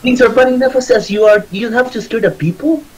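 A man voicing an exasperated adventurer with a staff who scolds loudly in a shrill voice. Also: fast talker, husky, poor audio. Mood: exasperated scolding. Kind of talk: tabletop role-play.

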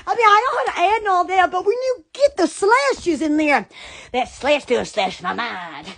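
A woman from Alabama, chattering excitedly on a phone livestream, giggling, gushing and stammering. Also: very high voice, normal speed. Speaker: social media livestreamer.

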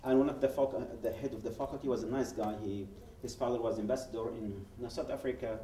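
Recorded at a distance in a roomy event hall, a Yemeni man delivers personal testimony as a guest speaker at a public event. His medium-pitched voice is fast and dark, with fairly even intonation. He narrates it as a story, enacting the quoted dialogue and often restarting his sentences.

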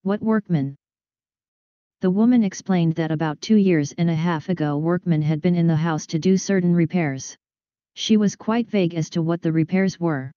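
Low, mellow woman narrating a story. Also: normal speed, no room sound. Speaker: audiobook reader. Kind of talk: scripted narration of a detective story. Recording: dull lo-fi, dry recording.

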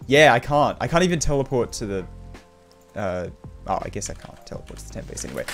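Young Australian male streamer, lively swinging delivery, live play-by-play, faint music underneath. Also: medium pitch, fast, creaky. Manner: excitable, reacting aloud with frequent laughs and slang. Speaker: game streamer. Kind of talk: live gameplay commentary.

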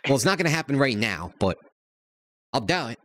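A man guesting on a stream, speaking into a close mic in a teasing, playful way. His pitch swings widely through relaxed, joking chat. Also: a little fast, slight background noise. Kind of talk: casual chat. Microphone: close desk mic.

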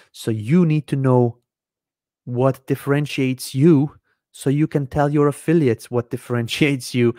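A man's voice: medium pitch, dry recording. Guy running a live marketing webinar, gets worked up, laughs a lot, lots of um and like, dry close sound. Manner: excitable, laughs often, many fillers and restarts. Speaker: marketing trainer on a live stream.

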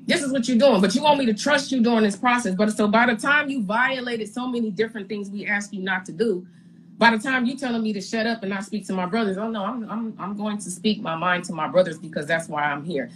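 Indignant, animated woman telling her side. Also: medium pitch, quick pace, a little hiss or hum, low-quality recording. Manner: animated, indignant retelling with frequent stammered repeats. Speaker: reality TV guest recounting her experience. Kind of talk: casual live-stream storytelling.

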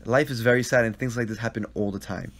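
A man's voice: mid-range voice, fast, a bit bright. Earnest man giving advice on a phone stream. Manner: earnest and repetitive, checks in with "right?". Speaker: advice host answering viewer questions. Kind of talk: casual live-stream Q&A. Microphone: phone live stream.

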